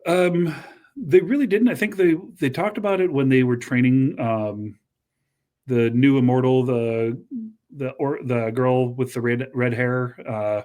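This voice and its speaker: A man co-hosting a fan podcast, reading an article aloud at a steady pace and chatting casually in between. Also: mid-range voice, unhurried. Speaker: podcast co-host.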